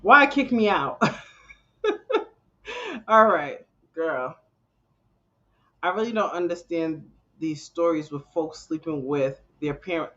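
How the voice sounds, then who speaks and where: A woman's voice: on the low side, lo-fi sound. A woman hosting a live-stream reaction, chatting casually and exclaiming freely. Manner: chatty, exclaiming, breaks into laughter.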